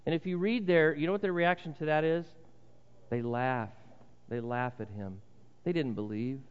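Male pastor, slightly high voice, dramatic sermon delivery with hushed emphasis; reverberant church, muffled lo-fi sound. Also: fairly even intonation, normal speed, clean tone. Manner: earnest, dramatic, drops to a hush for emphasis. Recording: reverberant hall, dull lo-fi sound.

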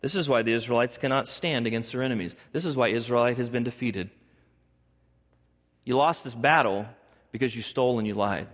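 A man's voice: mid-range voice, brisk, fairly bright tone. A male pastor preaching a sermon, acting out the voices of biblical figures with dramatic shifts. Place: church sanctuary. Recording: long reverb of a large hall.

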